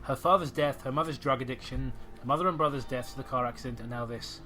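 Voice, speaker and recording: A man's voice: mid-range voice, quick pace, bright, forceful tone. A man reading a story aloud as a podcast host, sarcastic and swearing as he rants about it. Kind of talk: comedic story reading and commentary.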